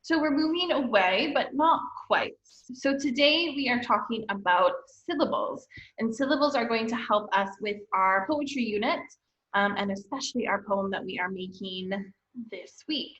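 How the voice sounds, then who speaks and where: Woman teacher, recorded lesson for kids; encouraging, unhurried, bright tone, dull lo-fi echoey audio. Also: on the high side, expressive. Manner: slow, patient, encouraging, checks in with "okay?". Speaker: elementary school teacher. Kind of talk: recorded online lesson for children.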